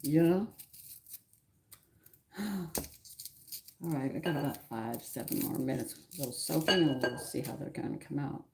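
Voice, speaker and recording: A woman's voice: rumbling low, moderate pace, vocal fry, pauses often. A woman hosting a home cooking livestream, chatting with viewers, her pet and herself as she works in her kitchen. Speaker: cooking show host. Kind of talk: casual cooking livestream chat. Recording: noisy kitchen with clattering dishes.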